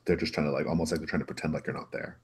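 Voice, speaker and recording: A man's voice: very deep voice, flat delivery, rapid-fire, breathy edge. A man narrating a tabletop game as game master, rambling with many restarts.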